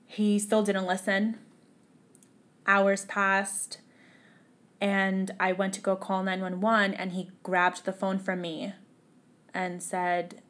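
A young woman, a podcast guest, telling a painful personal story in a tearful, halting way that sometimes drops to a whisper. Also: medium pitch, flat delivery, fairly bright tone.

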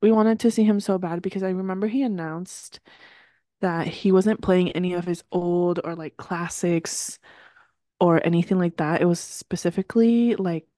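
A woman's voice: lowish voice, fairly even intonation, moderate pace, dark tone, no room sound, clean studio sound. A woman co-hosting a podcast in casual chat, talking with lots of "like" and laughing often. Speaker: podcast co-host.

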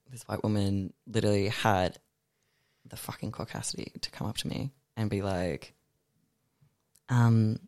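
A young man, chatting animatedly as a podcast guest, swearing freely and reading poems with slow force. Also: fairly low pitch, fairly even intonation, darkish tone, dry recording, studio quality. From Australia. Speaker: guest artist and poet. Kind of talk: casual podcast chat.

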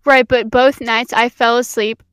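A woman's voice: a little high, little pitch movement, fairly bright tone, clear, resonant tone, no room sound. Giggly young woman podcast co-host. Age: young adult. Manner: giggly, quick and rambling, frequent "um". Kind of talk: casual chat.

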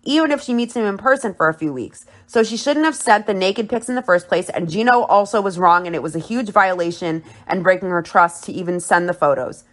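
A woman's voice: mid-range voice, fairly quick, hardly any pauses. A woman hosting a podcast, recapping and commenting on a reality show in a blunt, opinionated way and swearing freely. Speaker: podcast host.

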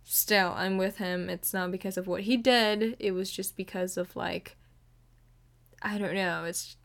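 Young woman in her 20s rambling in a vlog, open and emotional, says "like" a lot, mid pitch. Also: steady tone, unhurried, creaky, fairly bright tone. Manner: chatty, filler-heavy, emotional and candid. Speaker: vlogger. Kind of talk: casual confessional vlog.

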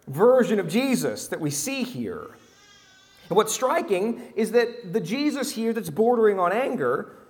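A man preaching a sermon as pastor, animated and humorous, swinging from loud to hushed. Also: high-pitched, big-room sound.

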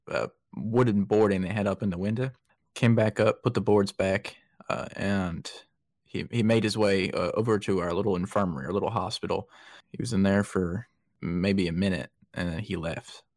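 A man's voice: fairly low pitch, fairly even intonation, darkish tone, dry recording, lightly acted. A man doing a winded scruffy southern-ish drifter. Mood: anxious. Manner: rambling, out of breath, halting. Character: weary scruffy man attempting southern drawl.

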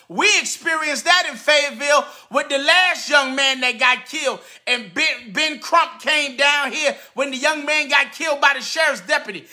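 Shouting, indignant man with a very high voice. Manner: indignant, repetitive, often shouting. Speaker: radio host. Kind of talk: impassioned commentary rant.

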